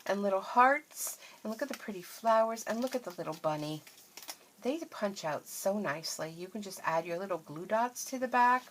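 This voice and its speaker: A woman, a craft vlogger, chatting casually through an unboxing, gushing and easily excited, tired and yawning now and then. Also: medium pitch, moderate pace, a little hiss or hum.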